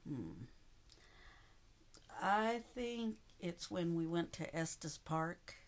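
A woman's voice: fairly low pitch, lively intonation, drawn-out words. A middle-aged woman, the host's mother, giving brief plain answers in a casual interview.

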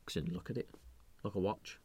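A man's voice: low-pitched, fast, mellow, a little hiss or hum. A young man hosting a podcast, talking in a rambling, sweary way and acting out the lines he quotes. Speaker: podcast host. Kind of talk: casual podcast chat.

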